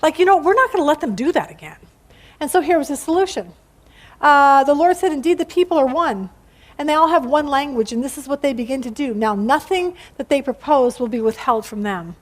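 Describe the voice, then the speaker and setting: A woman's voice: high voice, animated, brisk. Chatty woman teaching a Bible study. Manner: chatty and playful, acts out quotes in funny voices. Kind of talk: casual Bible teaching to a group.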